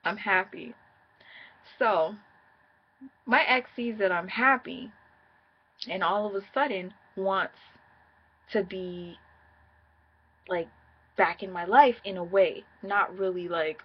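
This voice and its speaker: Woman w/ a new spilling her breakup story, blunt and cussing, kinda husky, muffled audio. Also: mid-range voice, slow, pauses often. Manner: candid, profane, talks straight to viewers. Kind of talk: casual personal storytime.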